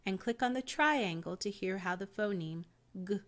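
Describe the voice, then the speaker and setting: A woman with an American accent reads a teaching guide aloud, one step at a time. Her delivery is calm and measured, like scripted instructional narration. Her pitch sits in an ordinary middle range.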